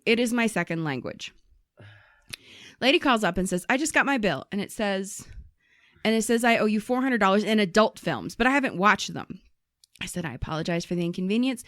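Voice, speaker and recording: A woman co-hosting a casual podcast, telling and reading listener stories with lively voices for the people she quotes and plenty of swearing. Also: medium pitch, no room sound, clean studio sound. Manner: animated storyteller, acts out quoted people, swears freely. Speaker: podcast co-host.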